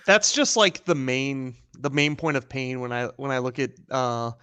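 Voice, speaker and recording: A man's voice: medium pitch, animated, normal speed, pushed and bright, clear, resonant tone, dry recording. Joking male co-host, dry close sound. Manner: joking, laid-back banter. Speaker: podcast co-host. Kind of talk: casual podcast chat.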